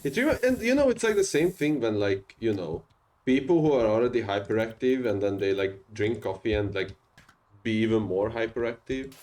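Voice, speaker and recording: Man, strong non-native English accent, somewhat low voice, rambling casual stream chat, lots of fillers. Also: expressive, a little fast, darkish tone, poor audio. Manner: rambling, many fillers and restarts.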